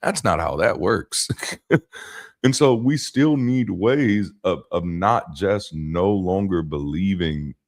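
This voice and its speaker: A man talking to camera in a casual spoken monologue, animated, with rhythmic emphasis and frequent restarts and asides. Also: sits low, takes it slowly. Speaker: YouTube commentator.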